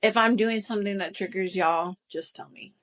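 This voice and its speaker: A woman's voice: mid-range voice, moderate pace, background noise. A woman co-hosting a casual podcast chat, candid and blunt with casual swearing. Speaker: podcast co-host.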